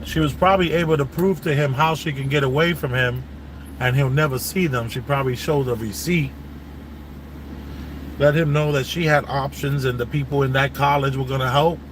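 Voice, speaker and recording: A man commenting on a vlog in a casual, animated way, voice climbing when he gets incredulous. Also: mid-range voice, moderate pace, background noise. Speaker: vlogger.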